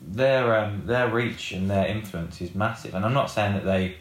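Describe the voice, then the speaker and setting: Low-voiced guitarist, rambling. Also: male voice, normal speed. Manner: rambling, heavy on fillers and swearing. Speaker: guest, rock band guitarist. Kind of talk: casual interview chat. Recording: roomy echoey room.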